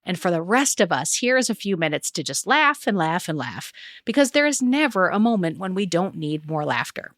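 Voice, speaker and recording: A woman's voice: on the low side, very animated, normal speed, no echo. A woman hosting a podcast, reading her segments and sign-off with chatty, playful asides. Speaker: podcast host. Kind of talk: scripted podcast narration.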